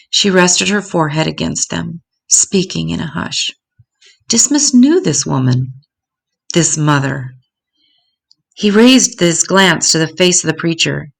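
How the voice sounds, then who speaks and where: An older woman reading a story aloud in a gentle, measured way. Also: deep voice, creaky.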